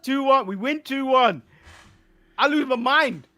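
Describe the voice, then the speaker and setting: High-voiced English man telling stories. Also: unhurried. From England. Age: 30s. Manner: animated storyteller, laughs often. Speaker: podcast co-host. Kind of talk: casual chat.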